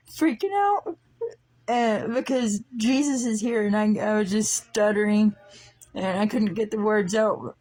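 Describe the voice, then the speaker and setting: Woman, slow and unhurried delivery, casual earnest testimony, hesitant with frequent restarts. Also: mid-range voice, a little mellow. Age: older than her siblings by fifteen years; adult. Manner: halting, with many fillers and restarts; earnest, slow-paced retelling. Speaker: dream storyteller.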